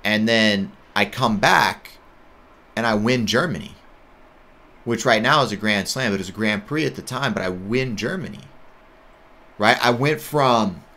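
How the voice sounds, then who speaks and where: An American judo athlete in his thirties talks through his own story in a loose, candid ramble, leaning on "like" and "right?". His voice sits low, with a bright, forceful, edgy tone. It sounds like an unscripted monologue. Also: unhurried, pauses often.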